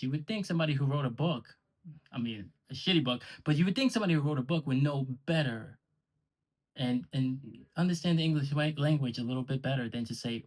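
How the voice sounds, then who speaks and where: A man with a slightly higher-pitched voice talks straight to the camera in a taunting callout rant. His tone is sarcastic and mocking, and he swears freely. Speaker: online league owner.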